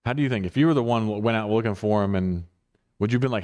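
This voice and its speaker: A man's voice: fairly low pitch, rapid-fire, darkish tone. Give me a man pastor talking through scripture casually, restarting sentences and chuckling. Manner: rambling, self-correcting, chuckling asides. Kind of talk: conversational Bible study.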